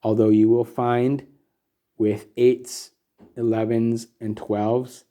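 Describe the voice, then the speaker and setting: A man's voice: medium pitch, flat delivery, slow pace, mellow. A man teaching Sanskrit meter in a recorded lesson, explaining things patiently and methodically with frequent ums.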